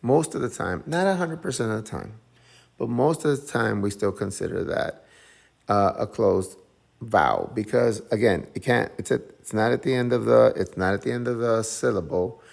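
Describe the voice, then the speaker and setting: A man's voice: fairly low pitch, normal speed, creaky, darkish tone. A man teaching English phonics, patiently sounding out each syllable and repeating whole words several times. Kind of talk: phonics lesson.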